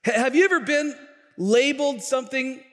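A middle-aged male pastor telling a story in a sermon, chatty and animated, with restarts and asides. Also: very high voice, fairly quick. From Tacoma, Washington. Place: church sanctuary. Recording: echoey church hall.

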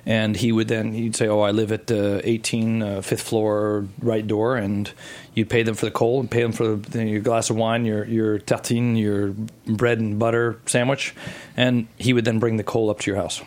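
Rambling low-voiced man telling a story. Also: little pitch movement, moderate pace, a little mellow. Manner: rambling, many restarts and fillers. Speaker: guest. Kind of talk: casual storytelling interview.

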